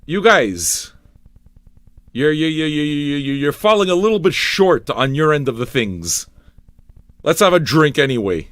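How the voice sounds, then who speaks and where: A man's voice: fairly high pitch, sing-song, a little slow, fairly bright tone, no echo. A man hosting a live music stream show, rambling and swearing in playful exasperation. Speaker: radio show host. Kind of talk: casual livestream chat.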